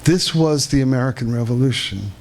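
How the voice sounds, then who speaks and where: A man speaking at a live event, with a halting delivery full of restarts and repeated words. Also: medium pitch, darkish tone, a little hiss or hum. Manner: halting, many restarts, tells jokes with voices. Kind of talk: live public talk.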